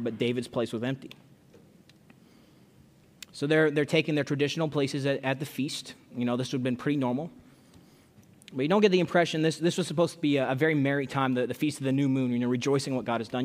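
A man preaching an expository sermon, reading scripture aloud and explaining it in a conversational way, often repeating his words as he goes. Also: mid-range voice. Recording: long hall reverb.

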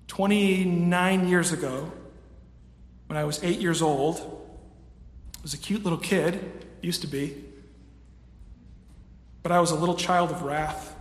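A pastor in his thirties delivering a sermon in a church, preaching emphatically and swinging from soft, quiet passages to raised, ringing emphasis. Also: on the high side. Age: 30s. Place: church sanctuary with a screen. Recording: echoey hall with long reverb.

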